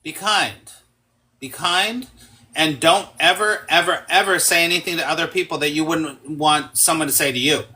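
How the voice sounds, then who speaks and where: Man, guest, emphatic, swears freely, acts out quotes, crisp bright voice, slightly high. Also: moderate pace. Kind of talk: casual conversation.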